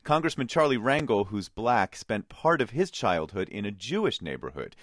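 Man, radio news host, low voice, lively intonation, measured clear delivery, dry studio mic. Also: no room sound. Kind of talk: scripted news narration. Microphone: studio microphone.

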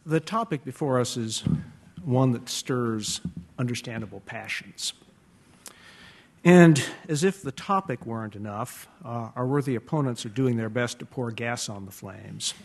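Deliberate, formal man making a debate statement. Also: medium pitch, vocal fry. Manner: deliberate, formal, with frequent pauses and "uh" fillers. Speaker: debate speaker.

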